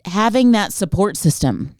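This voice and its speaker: A woman hosting a podcast, telling a comic story as an exasperated, animated rant full of rhetorical questions. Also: medium pitch, measured pace, no echo, clean studio sound. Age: adult, not Gen Z. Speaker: podcast host. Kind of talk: comedic storytelling monologue.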